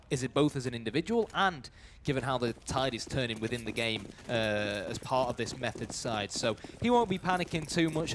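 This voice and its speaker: A man giving live esports play-by-play commentary, building to shouts on big plays. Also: mid-range voice, noisy background.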